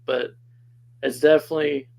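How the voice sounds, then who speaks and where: A man's voice: fairly high pitch, level tone, moderate pace, gravelly, darkish tone, poor audio. A man casually telling a personal story as a podcast guest, chatty and laughing often.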